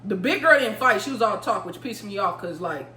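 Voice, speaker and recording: Animated, profane young woman telling a story. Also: mid-range voice, brisk. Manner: animated, profane, with vocal sound effects. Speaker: vlogger. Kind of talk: casual storytime. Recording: roomy room with faint hum.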